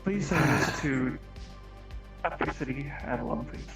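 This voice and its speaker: A man voicing a secretive corporate android through a robot voice filter, speaking calmly and in a businesslike way. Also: medium pitch, a little slow, faint music behind, rough recording.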